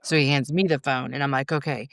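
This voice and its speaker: A woman guest on a podcast, telling a personal story in a candid, rambling way, swearing freely and adding quick asides. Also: extremely low pitch, steady tone, vocal fry, smooth, no room sound, clean studio sound.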